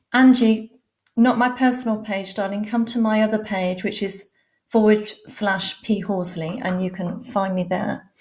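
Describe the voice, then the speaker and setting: An English woman hosting a live stream, greeting viewers by name with effusive endearments and frequent ums. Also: medium pitch. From England. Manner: warm, effusive, calls viewers darling and lovely; many fillers, unhurried. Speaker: livestream host, animal communicator. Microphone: laptop mic on a live stream.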